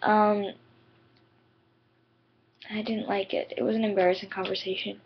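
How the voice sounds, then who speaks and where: A woman's voice: mid-range voice, little pitch movement, normal speed, slight background noise. Rambling teenage girl, dull lo-fi audio. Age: teens. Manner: chatty, rambling, full of "like" and "you know". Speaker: vlogger. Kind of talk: casual storytelling to camera.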